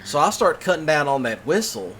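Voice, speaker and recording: A man hosting a casual chat, telling stories in an animated way, laughing often and swearing freely. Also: fairly high pitch, fairly quick, husky. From Mississippi. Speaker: host.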